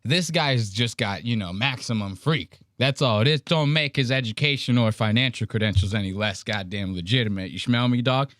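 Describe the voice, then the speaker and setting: A man's voice: medium pitch, normal speed, hardly any pauses, fairly bright tone. Hyped, profane podcast host man. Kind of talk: reaction commentary.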